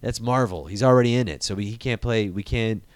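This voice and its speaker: Animated, profane man chatting. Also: lowish voice, a little fast, no echo. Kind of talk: casual chat.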